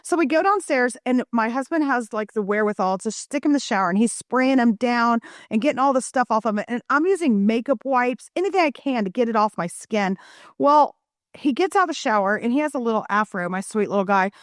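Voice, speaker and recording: A middle-aged woman, a guest author, telling animated stories in a podcast interview and acting out family scenes. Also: fairly high pitch, a little fast, no echo, studio quality.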